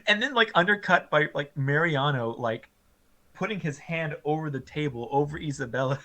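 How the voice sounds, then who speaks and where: A man co-hosting a casual film review chat, animated and full of ums and likes, often laughing as he retells scenes. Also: a little high, normal speed.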